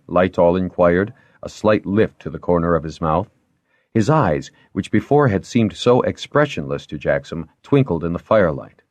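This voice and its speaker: A man reading an audiobook as narrator, with expressive storytelling. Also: sits low, moderate pace, no echo. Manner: expressive storytelling, varied intonation. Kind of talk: scripted narration.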